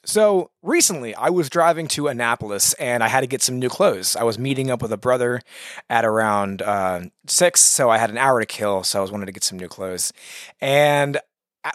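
A man's voice: medium pitch, no echo, clean studio sound. A young man co-hosting a faith talk show, telling a personal story with lots of repeats and restarts. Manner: animated, repeats words and restarts often. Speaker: co-host. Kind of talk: casual testimony storytelling.

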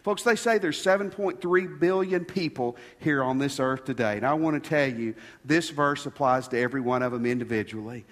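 Emphatic preacher in a reverberant hall. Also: male voice, medium pitch, fairly quick, hardly any pauses, fairly bright tone. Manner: emphatic, repeats key phrases for stress. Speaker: pastor. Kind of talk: sermon. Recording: long reverb of a large hall.

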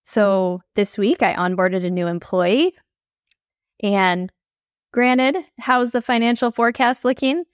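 Lively woman guest on a podcast, acts out her own thoughts, dry mic. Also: medium pitch, slow, dry recording. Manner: animated, acts out her own inner dialogue in quotes. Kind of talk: energetic storytelling in an interview.

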